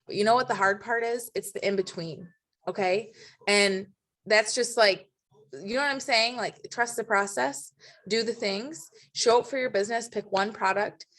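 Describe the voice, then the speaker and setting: A woman chatting and encouraging others on a video call, lively and quick to laugh. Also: mid-range voice. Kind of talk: casual chat on a video call.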